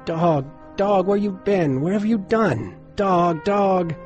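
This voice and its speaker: A man's voice: medium pitch, measured pace, lo-fi sound, faint music behind, voice pushed up, natural voice. A man voicing an eager, lonely young boy who calls out and pleads for his dog. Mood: overjoyed. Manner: shouting, excited and pleading.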